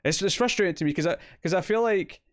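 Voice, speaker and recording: A man's voice: high-pitched, fast, no echo. Scottish man, casual podcast chat, blunt opinions, dry close sound. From Scotland. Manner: blunt, opinionated, with frequent fillers. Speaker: podcast co-host. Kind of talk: casual comic review chat.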